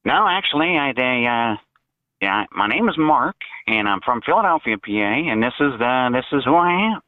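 A man's voice: medium pitch, expressive, moderate pace, no room sound, lightly acted. A man calling in with a brash, cartoonish put-on voice, taunting and boasting. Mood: boastful. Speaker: caller. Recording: tinny phone line.

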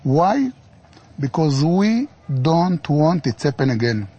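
A man speaking slow, halting, broken English as a lawyer in a played interview clip. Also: fairly high pitch, sing-song, warm tone, slightly rough, muffled recording.

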